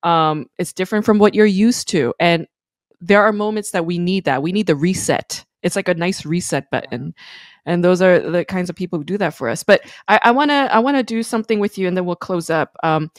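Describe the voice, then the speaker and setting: Woman podcast host, fairly low voice, dry close sound, chatty and loose with restarts. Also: fairly quick, no echo. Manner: chatty, talks through ideas with restarts. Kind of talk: casual interview chat.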